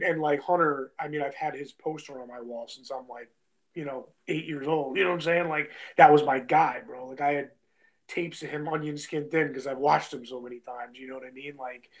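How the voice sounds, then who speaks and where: On a low-quality recording, a young independent wrestler appearing as a guest spins a casual yarn. He speaks at a medium pitch and keeps dropping "like," "bro," and "you know what I mean" into his loose, chatty telling.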